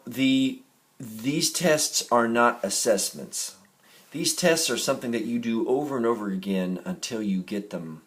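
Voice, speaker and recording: A man teaching a music reading lesson, patient and gentle, walking students through rhythm exercises. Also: on the low side. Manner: patient, gentle instructor, demonstrating rhythms by singing syllables.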